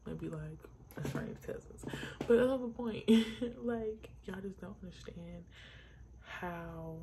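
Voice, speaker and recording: A woman's voice: lowish voice, takes it slowly, dark tone, slight background noise. A young woman hosting a makeup tutorial, chatting casually and enthusiastically to viewers, peppering her talk with "like" and the odd swear. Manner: enthusiastic, talks straight to viewers.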